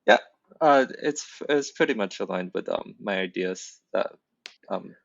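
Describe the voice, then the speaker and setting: A man who is not a native English speaker, talking hesitantly with many pauses and fillers about his own poem. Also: low voice, lively intonation, vocal fry, dry recording, dull audio. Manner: hesitant, many ums, thoughtful. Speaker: poet in a workshop. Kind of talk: casual discussion.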